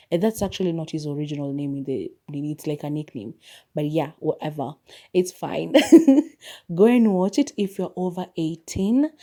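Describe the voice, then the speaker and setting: A woman, hosting a podcast and chatting casually through a movie review, expressive and quick to laugh. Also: sits low. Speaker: podcast host.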